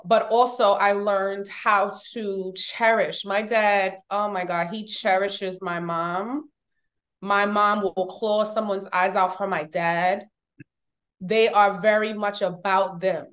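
A woman's voice: mid-range voice, fairly even intonation, slow, a bit bright. Heartfelt woman guest, earnest storytelling. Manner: heartfelt, emphatic, gets emotional. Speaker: podcast guest. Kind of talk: candid personal storytelling.

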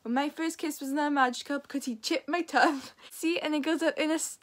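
A woman's voice: high voice, steady tone, fairly quick. A Welsh woman in her late teens chatting casually to camera as a vlogger, dropping "like" into her sentences often. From Wales. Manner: chatty, says "like" a lot.

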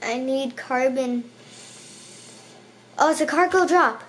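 High-pitched woman in panicked game commentary. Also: takes it slowly. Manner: panicky, repeats words in bursts; talks to the game's enemies. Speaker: gaming channel host. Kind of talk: let's play commentary.

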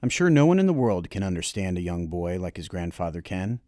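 A man narrating a novel chapter for an audiobook, reading in a measured, expressive storytelling way. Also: sits low, no room sound, clean studio sound.

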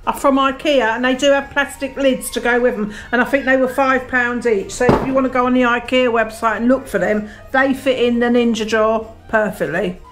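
A woman's voice: fairly high pitch, steady tone, fairly quick, few pauses, a bit bright, soft background music. A British woman co-hosting a casual home cooking vlog, matter-of-fact with dry teasing. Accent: British English. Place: home kitchen. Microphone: camera on tripod.

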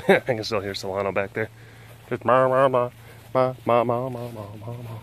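At the enclosures of a big cat sanctuary, a vlogger films outdoors and chats to both the camera and the animals, cooing at the big cats in baby talk. His mid-range voice stays steady and a bit slow, his manner casual and playful.

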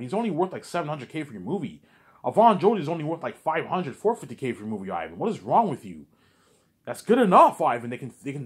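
A man's voice: a little high, husky, voice pushed up, heavily acted. A man doing a nagging, pushy film director. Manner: nagging, keeps repeating the listener's name.

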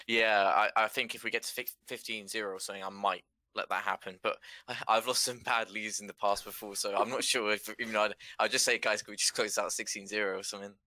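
A man speaking earnestly in a casual interview, his tone staying level and flat. His voice is fairly low but bright and forceful. The sound is dry and close. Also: brisk, hardly any pauses, no room sound. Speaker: esports team player.

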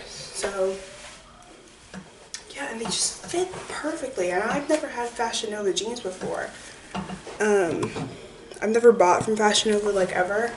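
A young woman vlogging casually at home, chatty and full of "like" fillers, talking toward a camera across the room. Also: mid-range voice. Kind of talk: casual vlog chat. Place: bathroom at home. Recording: echoey room, mic far off, noisy.

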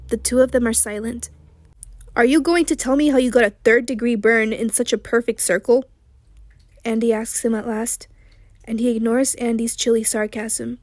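A woman with a hoarse voice narrating an audiobook in a measured, intense reading. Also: on the high side, dark tone, dry recording, clean studio sound.

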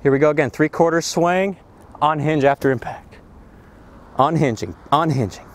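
A man giving an energetic golf lesson on a practice range, talking with excitable enthusiasm and breaking into exclamations. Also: fairly high pitch, normal speed. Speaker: golf instructor.

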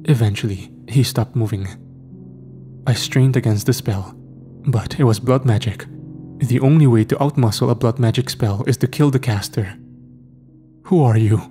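A man reads a first-person horror story in a steady, grim delivery. His voice is dark and mellow at a middle pitch. Faint music plays beneath him. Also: normal speed. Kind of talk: scripted first-person narration.

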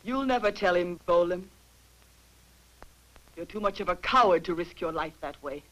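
A defiant young woman in a dubbed period horror film. She is high-strung and fierce, and her voice climbs into cries. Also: very animated, normal speed, fairly bright tone, rough recording. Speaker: professor's daughter.

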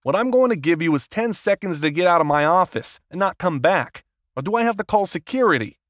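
A man voicing a gruff, sardonic middle-aged literary agent who talks in a brusque, clipped, sarcastic way, read as an audiobook character. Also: sits high, very animated, normal speed, no room sound, clean studio sound, pitched above the performer's own voice.

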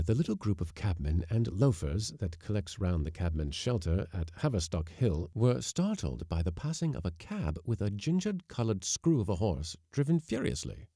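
A man reading a classic short story aloud with expressive, dramatic delivery. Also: lowish voice, no room sound, studio quality.

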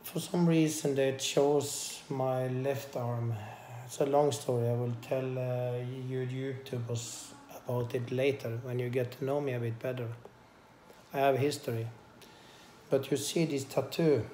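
A man speaks slowly to a handheld camera in an echoey room, his voice at an ordinary middle pitch. He halts often, with pauses and fillers, and sounds tender and emotional. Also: flat delivery, warm tone, slight background noise. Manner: slow, halting, with many pauses and fillers. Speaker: vlogger. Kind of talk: casual personal vlog to camera.

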